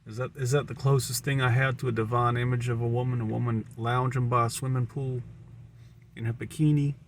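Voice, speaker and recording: A man's voice: mid-range voice, little pitch movement, a little fast, a little hiss or hum. Rambling Southern American man. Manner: musing, repeats and restarts words. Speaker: vlogger. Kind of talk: rambling stream-of-consciousness monologue.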